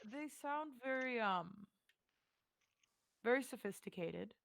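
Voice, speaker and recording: A woman's voice: on the high side, lively intonation, slow, vocal fry, a loud crowd. A young woman game master who rambles casually, searching for words with many fillers. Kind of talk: casual tabletop game chat.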